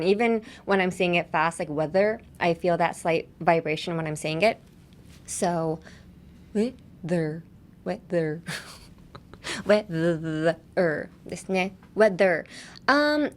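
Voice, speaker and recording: A young woman hosting a casual podcast lesson, chatty, laughing often and explaining pronunciation step by step. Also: fairly low pitch. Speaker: podcast host and English teacher.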